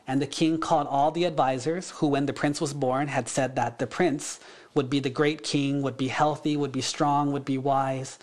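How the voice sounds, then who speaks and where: A man, a monk teaching a class, telling a story in a relaxed, conversational way with frequent fillers. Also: mid-range voice. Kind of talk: casual storytelling.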